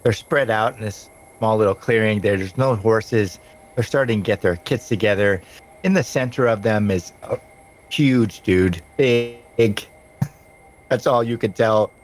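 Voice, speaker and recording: A man narrating a tabletop game as game master, slow and descriptive with frequent laughs. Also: fairly low pitch, rough recording.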